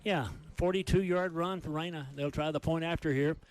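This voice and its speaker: Excited Texan play-by-play man. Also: fairly high pitch. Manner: rapid excited play calling. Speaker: play-by-play announcer. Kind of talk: high school football radio commentary.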